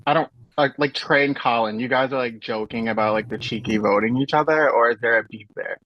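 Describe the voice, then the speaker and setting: A man's voice: medium pitch, a little fast, dry recording, highs cut off. A man hosting a casual video call, asking hesitant questions full of restarts and fillers.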